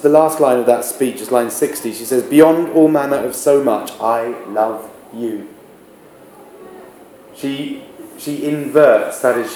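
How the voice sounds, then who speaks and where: Mellow-voiced male teacher in echoey classroom. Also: mid-range voice. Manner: explains patiently, asks rhetorical questions. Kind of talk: classroom literature lesson. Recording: echoey classroom with background noise.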